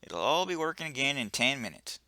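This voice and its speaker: Man voicing a laid-back ship engineer, game character, breezy and dismissive, lively pitch, bright tone. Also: a little fast, no echo. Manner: breezy, brushes off worries.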